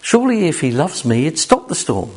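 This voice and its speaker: A man preaching a sermon to a congregation, emphatic and animated, with rhetorical questions and asides to the room. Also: on the high side, a little fast, husky. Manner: jokes directly with the congregation.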